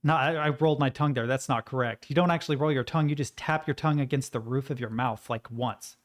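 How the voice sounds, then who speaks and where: A man's voice: medium pitch, fast talker. A young man streaming a game, musing aloud in a rambling, casual way and swearing now and then. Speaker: gaming streamer. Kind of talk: casual gaming commentary.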